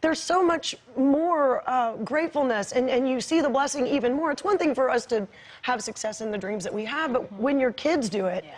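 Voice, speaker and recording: A woman's voice: high-pitched, moderate pace. A woman in her forties, a guest on a talk show, chatting in a bubbly, gushing way with frequent laughter. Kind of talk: casual chat. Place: TV studio with audience.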